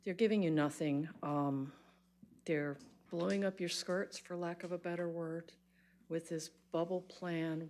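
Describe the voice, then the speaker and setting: Speaking bluntly into a podium microphone, a woman with a low voice delivers an impassioned, exasperated public comment at a county board meeting.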